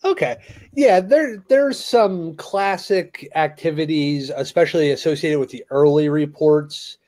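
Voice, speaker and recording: A man's voice: fairly high pitch, a little slow, darkish tone. A man co-hosting a casual podcast, explaining things steadily with lots of "you know" fillers. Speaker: co-host.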